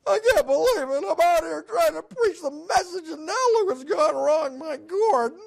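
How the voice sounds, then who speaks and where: A sulky, self-pitying prophet whines and shouts his complaints, as a man acts him out. The voice runs much higher than the teller's own, strained and loud. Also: lively intonation, moderate pace, gravelly, full character voice. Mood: complaining.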